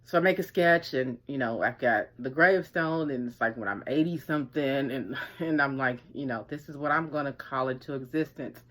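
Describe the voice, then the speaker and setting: Bright voice, casual personal story, rambling, filler-heavy, acts out quotes. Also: medium pitch, fairly quick, few pauses. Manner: rambling, many "like" and "you know" fillers, acts out quoted speech. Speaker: survivorship coach.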